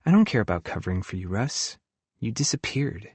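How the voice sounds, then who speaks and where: A man's voice: lowish voice, sing-song, a little fast, a little mellow, slightly rough, no echo. A man voicing an earnest, hurt young woman who works as a camp counselor, in an audiobook. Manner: earnest, hurt, talks frankly about her feelings. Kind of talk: audiobook dialogue reading.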